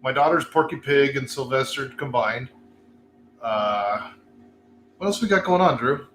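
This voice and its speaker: A man's voice: medium pitch, measured pace, fairly bright tone, roomy sound, soft background music. A man hosting a casual chat show from a cigar lounge, rambling, laughing and swearing as he talks. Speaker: host.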